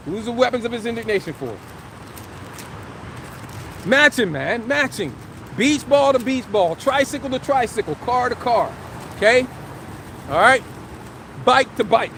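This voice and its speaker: A man with a strikingly high voice preaches a live religious teaching. He talks emphatically, fires rhetorical questions and stretches and shouts the scripture he reads. Faint traffic hums behind him. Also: animated, measured pace, pauses often. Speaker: street preacher.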